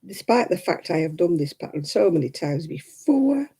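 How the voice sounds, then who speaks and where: A woman's voice: fairly low pitch, very animated, moderate pace, warm tone, slightly rough. A middle-aged woman chatting at home while she crochets, poking fun at herself and laughing often. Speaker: crafting vlogger. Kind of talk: casual chat while crocheting.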